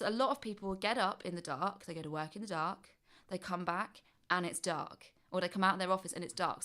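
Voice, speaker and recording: A woman's voice: mid-range voice, a bit bright. A woman presenting a wellbeing slot on the radio, chatty and encouraging, laughing often as she gives tips to listeners. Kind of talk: casual radio chat.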